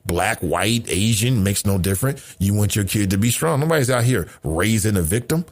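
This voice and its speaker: A man's voice: fairly low pitch, animated, normal speed. A middle-aged man hosting a casual commentary show, talking in an indignant, profane way full of rhetorical questions. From United States. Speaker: podcast host.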